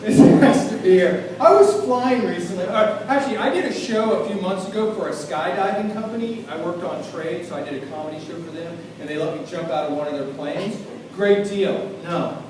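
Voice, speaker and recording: A man from a small town in Maine does a stand-up comedy set, brash and self-mocking, shouting his punchlines. His voice sits high for a man. He is picked up from far off in a very echoey club room with a crowd audible. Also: fairly quick. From small town in Maine, USA. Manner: brash, loud, self-deprecating, yells punchlines.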